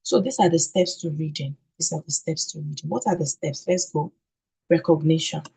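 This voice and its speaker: Husky woman training teachers. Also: deep voice, dark tone, poor audio. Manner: repeats key words, asks and answers own questions; sounds out letters slowly. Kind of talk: online training session.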